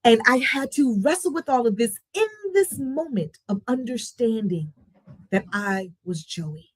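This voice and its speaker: A woman's voice: a little high, no echo. A woman giving a motivational talk, telling a personal story with emotion and expression. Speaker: motivational speaker.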